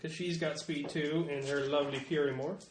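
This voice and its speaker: A man's voice: on the high side, little pitch movement, moderate pace, roomy sound. A man running a tabletop role-playing game as game master, loose and joking with many fillers.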